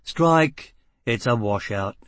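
Man voicing a cool menacing boss, brisk, mocking, self-assured, dry sound. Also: medium pitch, lively intonation, a bit bright, dry recording.

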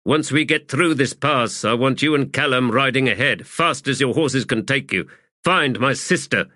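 A man voicing a level-headed male general in an audiobook, calm and decisive. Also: medium pitch, moderate pace, dry recording, clean studio sound, voice pushed up, natural voice. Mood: commanding. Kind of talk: audiobook character voice.

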